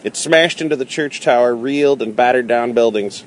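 Reading a novel aloud, this man keeps a steady, measured rhythm but now and then slips and starts a phrase over. His voice is ordinary in pitch, and soft street and traffic sounds can be heard in the background.

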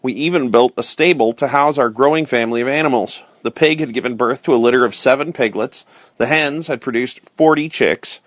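Male storyteller, first-person read-aloud, steady and clear, dry close recording. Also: mid-range voice, a little fast, no echo. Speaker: narrator.

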